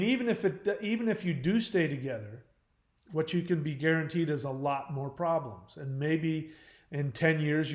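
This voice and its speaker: Blunt man talking in an echoey room. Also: a little high. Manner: blunt, frank and direct; loose, rambling delivery with many fillers and restarts. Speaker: channel host on relationships and codependency. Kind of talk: live-stream advice talk answering chat questions. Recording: roomy echo.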